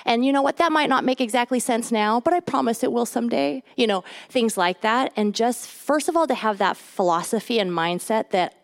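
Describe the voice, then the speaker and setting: Chatty woman speaker, high voice. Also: brisk, few pauses. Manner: chatty and animated, many asides like "okay" and "like". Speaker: author and guest speaker. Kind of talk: live talk to a moms' group. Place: event before a live audience.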